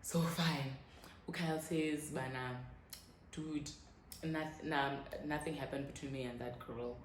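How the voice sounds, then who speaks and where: A young South African woman telling a personal story in a casual, animated way, with frequent swearing and quick quoted lines. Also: sits low, echoey room, background noise. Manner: animated, swearing, quoting others in quick bursts. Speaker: YouTuber.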